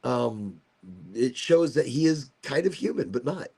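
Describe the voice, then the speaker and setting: A man's voice: mid-range voice, lively intonation, unhurried, vocal fry, warm tone, slightly rough. A man hosting a casual livestream chat, rambling from topic to topic and losing his thread. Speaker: host of a livestream talk show.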